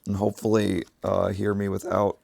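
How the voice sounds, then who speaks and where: Low croaky guy with a sick voice rambling to his stream while crafting, dry close sound. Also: monotone, normal speed, a little mellow, no room sound. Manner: rambling, thinking aloud while working. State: sick, rough voice. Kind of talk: casual livestream chat while crafting.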